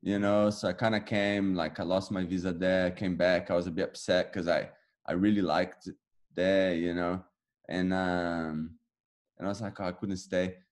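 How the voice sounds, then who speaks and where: A man in his thirties, a guest on an interview, telling his story casually and acting out past conversations with lively energy. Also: low voice, normal speed. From Brazil. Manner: animated, acts out his own past dialogue. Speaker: interview guest, jiu-jitsu black belt.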